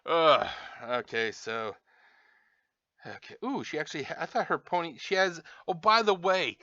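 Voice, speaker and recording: With a high, sharp voice and lively intonation, a man reviews toys at a moderate pace in a profane, sarcastic unboxing rant, swearing nonstop and sounding angry. The home recording is dull, dry and lo-fi, with no room sound.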